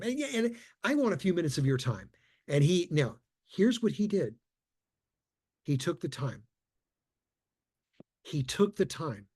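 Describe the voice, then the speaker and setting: A man giving a conference talk, telling a personal story in a lively way, often repeating words and acting out the voices of people he quotes. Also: medium pitch. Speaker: conference speaker.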